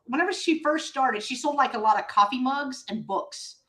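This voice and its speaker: A high-voiced woman joins a video call as an online seller. She chats casually and good-humored, with short replies and easy laughter. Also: normal speed, a crowd in the background.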